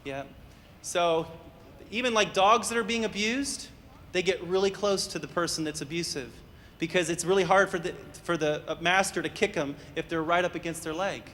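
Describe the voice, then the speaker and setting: A man's voice: high-pitched, moderate pace, a bit bright. A man who works as a counselor gives an interactive parenting workshop to an audience, telling stories, acting out the voices he quotes, and putting questions to the room. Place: meeting room or hall with a live audience. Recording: long reverb in a hall, faint room noise.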